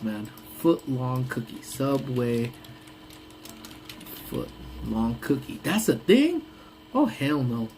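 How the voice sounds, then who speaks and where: A man hosting a casual live chat on his lunch break, telling stories with big swings from low mutters to high exclamations. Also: darkish tone, slight background noise, poor audio. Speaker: live stream host. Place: parked car on a lunch break.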